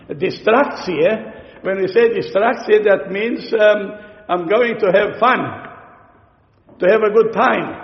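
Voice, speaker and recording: Slow-talking preacher man in an echoey hall. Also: sits high. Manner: slow, explanatory, with rhetorical questions. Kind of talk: sermon. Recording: echoey hall, dull lo-fi sound.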